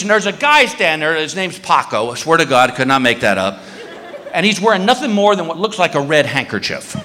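A male stand-up comedian telling a story in an animated way, shouting sound effects. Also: a little high, slight background noise. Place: comedy stage before a live audience. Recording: live hall reverb, faint ambience.

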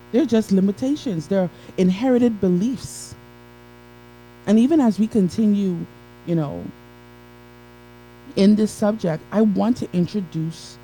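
On a live stream, a woman gives an emphatic, preachy motivational talk, returning again and again to her key phrases and pausing to greet viewers by name. Her mid-range voice is rich, very dark and mellow. The audio is poor, with slight background noise.

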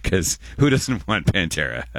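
A man's voice: low-pitched, sing-song, a little slow, a bit bright, dry recording. Canadian guy in his 40s, radio host rambling and chuckling, lots of restarts, dry close sound. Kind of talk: casual radio chat.

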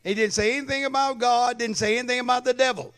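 A man's voice: very high voice, steady tone, fast talker, a bit bright, smooth. A male pastor preaching a sermon in church, calling for amens and checking that the congregation follows along. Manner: calls for amen and asks if the congregation follows.

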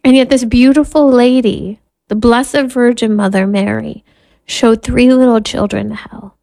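Woman, 30s, Catholic mother giving a faith talk; earnest, self-deprecating, fairly high voice, dry recording. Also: steady tone, a little slow, vocal fry, dark tone, no room sound. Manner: earnest, candid, laughs at herself while telling family stories. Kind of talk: personal faith talk with storytelling.

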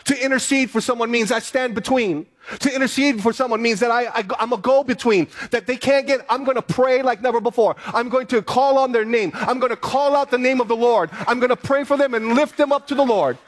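A pastor preaching to his church, reading scripture aloud slowly and then building to an emphatic appeal. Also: extremely high pitch. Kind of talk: sermon.

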